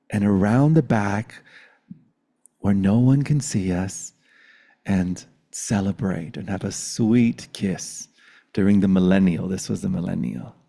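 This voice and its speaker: A man's voice: on the low side, gravelly, warm tone. A man in his forties telling a personal story in a reflective, meditative way on a video call, often laughing. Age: 40s.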